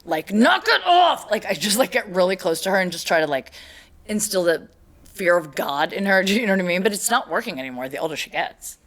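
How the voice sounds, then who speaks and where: A woman's voice: fairly low pitch, quick pace. A woman hosting a podcast, telling a story in casual chat and acting out the people she quotes. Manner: animated storytelling, acts out quotes. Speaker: podcast host.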